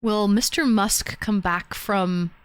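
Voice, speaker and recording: A woman's voice: medium pitch, slow pace, clear, resonant tone, dry recording. A woman hosting a casual livestream, chatting with viewers, laughing often and swearing casually. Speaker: livestream host reading chat.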